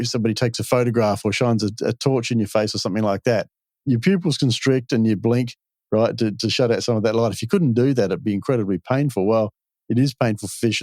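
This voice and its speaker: An Australian man hosts a podcast interview, talking through ideas with patient, folksy explanations. His voice sits at a middling pitch for a man. The recording is dry and close, with no room sound. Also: a little mellow, no room sound. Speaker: podcast host.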